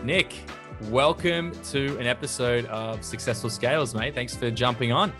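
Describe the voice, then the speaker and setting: A man with an Australian accent softened by years in the US and UK, hosting an interview podcast in a friendly, casual way and calling his guest mate. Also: mid-range voice, normal speed, loud music behind the voice. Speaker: podcast host.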